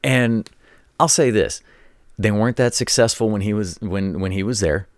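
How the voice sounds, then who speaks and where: A man with a fairly low voice talks through sports stories in a loose, rambling way, often doubling back on his words. His voice sounds dry and close, with no room around it. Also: normal speed, dry recording. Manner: rambling, repeats words, acts out quoted voices; former college coach telling anecdotes. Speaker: show host. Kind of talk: casual commentary monologue.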